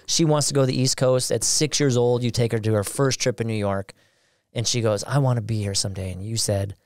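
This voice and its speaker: A man's voice: medium pitch, steady tone, fairly quick, clean tone, dry recording. A male podcast host with an ordinary mid-range voice reacts to his guest in casual conversation. He affirms often and chimes in with short replies. The recording is dry and close-miked. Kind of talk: casual interview chat.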